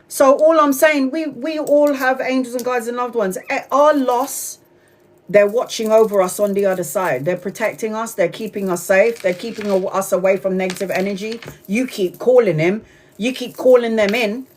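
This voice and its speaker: A woman's voice: a little high, moderate pace, darkish tone. A woman in her forties giving a casual live-streamed tarot reading, talking bluntly and emphatically and swearing freely. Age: 40s. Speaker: tarot reader.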